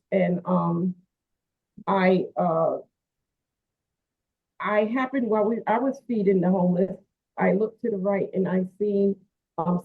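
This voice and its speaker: This woman's medium-pitched voice has vocal fry and is slightly rough, heard over what sounds like a phone line. She manages and cares for a wrestler and tells a rambling, filler-laden story in a casual interview.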